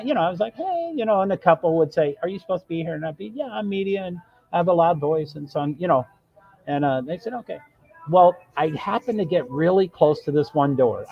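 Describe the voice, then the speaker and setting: The audio is dull, and the man's voice is on the high side. He's telling a long, rambling story on his live stream, interrupting himself mid-sentence and quoting other people as he acts out their words in casual storytelling.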